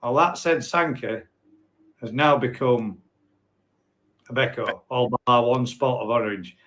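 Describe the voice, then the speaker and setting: A man's voice: medium pitch, a little slow, fairly bright tone. A man hosting a casual live stream, chatting and reading out viewer comments in a rambling, self-correcting way. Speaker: host.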